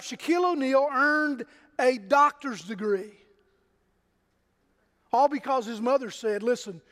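A man's voice: extremely high pitch, fairly bright tone, in a large hall. A man pastor giving a sermon in a conversational, folksy way, putting questions to his congregation.

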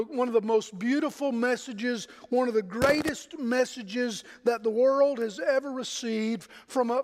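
A man's voice: very high-pitched, big-room sound. A man pastor giving a sermon in a conversational, folksy way, putting questions to his congregation.

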